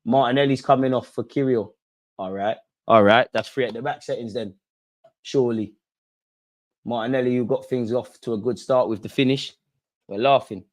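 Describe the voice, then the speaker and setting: Excitable young man. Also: medium pitch, a little fast. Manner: excitable, slangy, pleading with players. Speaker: football watch-along host. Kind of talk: live reactive commentary to viewers.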